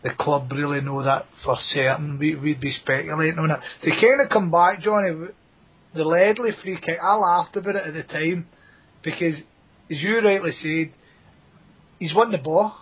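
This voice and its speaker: A man's voice: a little high, fairly even intonation, moderate pace, breathy edge, dull audio. A Scottish man hosting a casual football podcast, chatty and drawing his co-hosts in by name. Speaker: podcast host.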